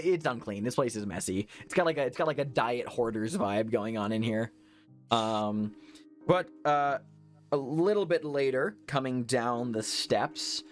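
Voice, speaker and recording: A man narrating as game master for a horror tabletop game, rambling with many fillers. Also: medium pitch.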